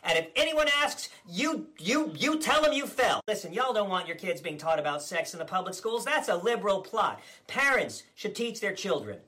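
Man doing a high, stammering blustery governor. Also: very animated, normal speed, few pauses, exaggerated voice. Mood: mock-earnest. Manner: stammering, ranting, yelling. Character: blustering smug male governor, middle-aged. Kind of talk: satirical sketch impression.

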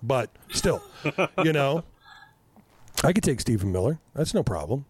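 A man in his fifties chatting casually on a podcast, telling stories in a profane, animated way and laughing at himself. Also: mid-range voice, a little slow, breathy edge, no room sound. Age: 50s. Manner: profane, animated storytelling with self-mocking laughs. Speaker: podcast host.

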